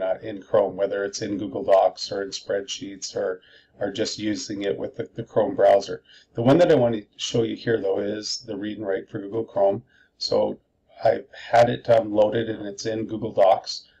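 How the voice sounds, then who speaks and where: A man's voice: on the low side, warm tone, breathy edge, highs cut off. A male teacher giving a screencast tutorial, explaining methodically step by step.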